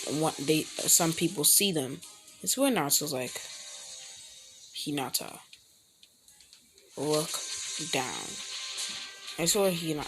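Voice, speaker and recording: A woman telling a rambling fan story while gaming, halting often to correct herself. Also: sits low, fairly bright tone, rough recording. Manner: halting, frequent self-corrections. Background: music playing.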